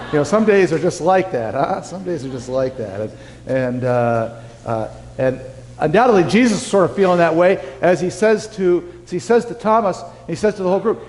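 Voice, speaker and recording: A man's voice: high-pitched, animated, moderate pace, darkish tone. A male pastor giving a folksy, conversational sermon, talking directly to his congregation with casual asides. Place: church sanctuary. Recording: church sanctuary with long reverb.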